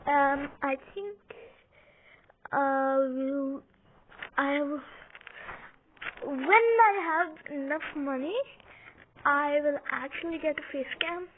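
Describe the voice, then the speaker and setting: A woman's voice: high voice, slow pace, pauses often. A young woman chatting casually while playing a game at home on her couch, rambling and giggling with lots of hesitations. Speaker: gaming video host. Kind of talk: casual gameplay commentary. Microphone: phone or computer mic, sometimes covered by her hand. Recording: tinny phone-like audio with faint hiss.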